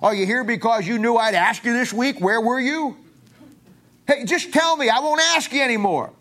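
A man preaching a sermon as pastor, pressing the congregation with repeated rhetorical questions, his pitch swinging from low to high. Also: moderate pace, fairly bright tone. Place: church.

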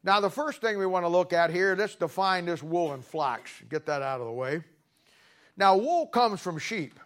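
A male preacher delivering a sermon with a slightly high voice. He talks in a folksy, conversational way, then jumps into sudden loud, animated bursts before dropping back down. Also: moderate pace.

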